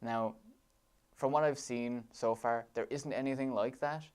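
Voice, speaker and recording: An Irish man commenting on a video game as it plays, full of eager praise. His voice is smooth and resonant, pitched right in the middle for a man. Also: steady tone, unhurried. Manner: enthusiastic, gushing with praise. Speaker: let's play commentator. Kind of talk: gameplay commentary over footage.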